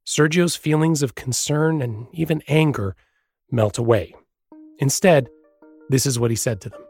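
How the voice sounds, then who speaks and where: A man narrating a feature story as a reporter, with a measured storytelling delivery. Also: medium pitch, a little mellow, soft background music. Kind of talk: scripted narration.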